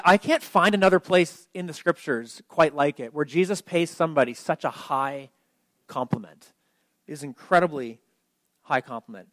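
A man's voice: on the high side, no echo. Conversational man preaching, dry close sound. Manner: conversational, asks the listeners questions, frequent restarts, swells with emphasis. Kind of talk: informal sermon.

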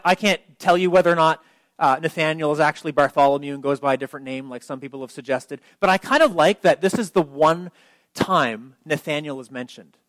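A man's voice: fairly high pitch, fairly bright tone, no room sound. A man giving an informal sermon in a conversational way, asking the listeners questions and swelling with emphasis. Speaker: preacher.

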